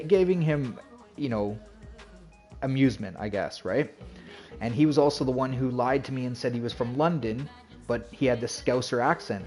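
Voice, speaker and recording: A man's voice: mid-range voice, a little mellow. A man streaming a game, chatting casually to his viewers, rambling with lots of fillers and acting out what people said to him. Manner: rambling, filler-heavy, acts out quoted dialogue. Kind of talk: casual chat storytelling to stream chat.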